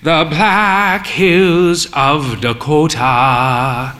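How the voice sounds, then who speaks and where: A man's voice: fairly high pitch, expressive, takes it slowly, pushed and bright, faint music behind, full character voice. A man reading a story, voicing a thin, fey, jokey man in late middle age with a droll drawl.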